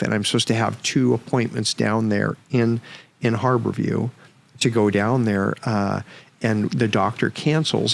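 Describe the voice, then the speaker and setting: A man in his fifties, a podcast guest, telling a story in a frank, animated way and swearing freely. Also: lowish voice, vocal fry, slight background noise. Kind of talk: casual storytelling.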